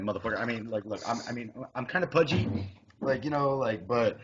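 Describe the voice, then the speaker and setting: A man's voice: medium pitch, fast, slight background noise. A man in his thirties telling a crude, rambling story with lots of profanity on a podcast. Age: 30s. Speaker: podcast co-host. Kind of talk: casual storytelling. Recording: dull lo-fi audio.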